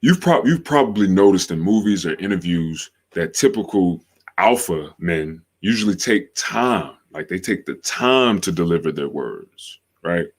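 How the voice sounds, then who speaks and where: Man, low deep voice, podcast host, casual livestream talk, slangy, repeats himself. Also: expressive, husky. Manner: slangy, drawn-out, repeats phrases for emphasis.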